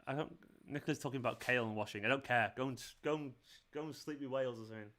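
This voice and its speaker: Cheeky, bright-voiced young streamer. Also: male voice, medium pitch, racing. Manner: cheeky, teasing, laughing often. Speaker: football watchalong streamer. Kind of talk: casual live-stream chat and commentary.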